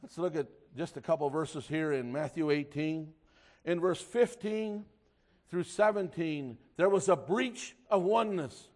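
A fervent male preacher with a high voice delivers a sermon to his congregation. He swells loud and slow on the points he stresses, then drops low and quiet to read scripture in old-fashioned wording.

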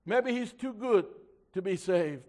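A fervent male preacher with a high voice delivers a sermon to his congregation. He swells loud and slow on the points he stresses, then drops low and quiet to read scripture in old-fashioned wording. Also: lively intonation.

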